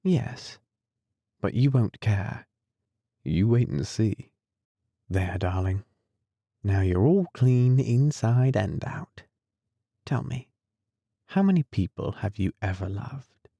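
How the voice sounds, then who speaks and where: Tender young nurse woman, read by a man, soft, coaxing, gravelly low voice, dry close sound. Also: expressive, slow pace, long pauses, no room sound, muffled recording, heavily acted. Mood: teasing. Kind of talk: audiobook character reading.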